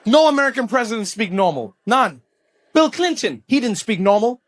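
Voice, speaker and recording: Male stand-up comic with a very high voice, punchy delivery, hammering refrains. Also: moderate pace. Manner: punchy, repeated refrains, animated. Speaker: stand-up comedian. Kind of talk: stand-up comedy.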